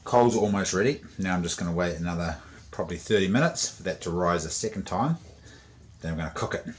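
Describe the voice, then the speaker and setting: A man hosting his outdoors vlog, relaxed and chatty as he explains things step by step at a campfire. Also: sits low, fast talker, slight background noise. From New Zealand. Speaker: outdoors vlogger host. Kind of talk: casual vlog narration.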